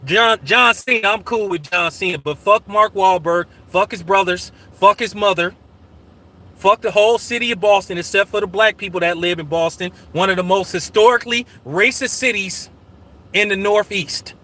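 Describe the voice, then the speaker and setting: Streamer host, man, high and very bright voice, profane and combative delivery. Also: normal speed. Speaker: channel host. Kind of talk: casual livestream talk.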